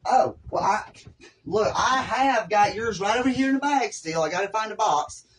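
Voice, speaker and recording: A man's voice: sits high, lively intonation, normal speed, fairly bright tone, a little hiss or hum. A man with a Southern US accent hosting a live craft tutorial at home, rambling and folksy as he works. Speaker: craft host.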